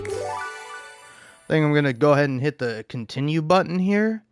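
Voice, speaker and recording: A man's voice: medium pitch, animated, moderate pace, soft background music. A young man chatting casually on a gaming live stream, rambling and self-deprecating with lots of false starts. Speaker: gaming livestreamer.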